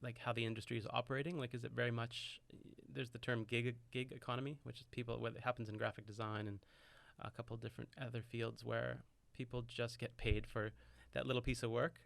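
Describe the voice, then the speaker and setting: Male podcast host, mid pitch, gravelly, asks long questions. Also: level tone, fairly quick, hardly any pauses, fairly bright tone, dry recording. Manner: curious, long rambling questions. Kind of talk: casual podcast interview.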